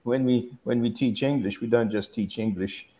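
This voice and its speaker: A man's voice: medium pitch, fairly even intonation, moderate pace, warm tone, low-quality recording. A man in a conversational academic discussion, thinking aloud as he explains his views on language teaching.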